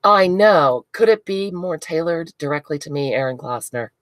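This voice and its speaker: A woman's voice: deep voice, lively intonation, normal speed, dry recording. A woman hosting a craft live stream, chatting casually with viewers and gushing with frequent giggles. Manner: giggly, gushing, reads out chat names.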